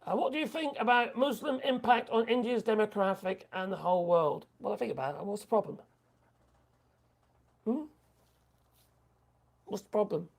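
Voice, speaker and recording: A man's voice: high-pitched, normal speed, creaky, pauses often. Chatty Norfolk man on a live stream. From England. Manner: chatty, crude and mocking, muttering asides. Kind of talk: casual live-stream chat reading viewer comments.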